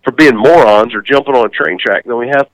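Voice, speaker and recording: A man's voice: medium pitch, a little fast, dry recording, low-quality recording. Laid-back man telling stories dry. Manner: storytelling, laughs often, frequent restarts. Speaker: podcast host. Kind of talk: casual chat.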